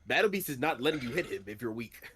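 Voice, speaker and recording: A man co-hosting a podcast in casual chat, relaxed and slangy, laughing as he argues. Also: mid-range voice, fast, a little hiss or hum. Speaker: podcast co-host.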